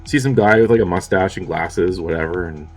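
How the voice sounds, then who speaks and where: A fairly low-voiced man talks through a film's plot in a loose, offhand way. He peppers his recap with casual swearing and shrugging fillers. Faint music sits quietly under his voice. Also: a little fast, husky. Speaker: movie reviewer. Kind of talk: casual spoken movie recap.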